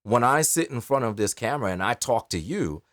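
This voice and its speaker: Expressive man with a New York accent. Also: mid-range voice, fairly quick, dry recording, clean studio sound. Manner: expressive, emphatic storytelling delivery. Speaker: voice actor. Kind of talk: direct-to-camera talk.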